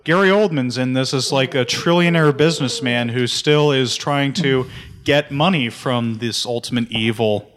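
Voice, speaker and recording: A man co-hosting a casual movie podcast, summarizing the plot in a relaxed way with fillers. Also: mid-range voice, normal speed. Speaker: podcast co-host.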